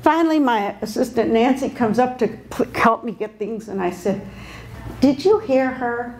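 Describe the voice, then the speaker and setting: An older woman giving a comic motivational speech on stage, telling stories with lively acted-out voices. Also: on the high side, moderate pace, a little hiss or hum. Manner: animated storytelling, acts out voices. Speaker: motivational speaker.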